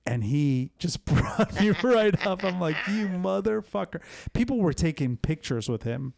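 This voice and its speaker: Gravelly man hosting a casual chat. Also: fairly high pitch, sing-song, darkish tone. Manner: profane, quick anecdote telling. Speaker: podcast host and comedian.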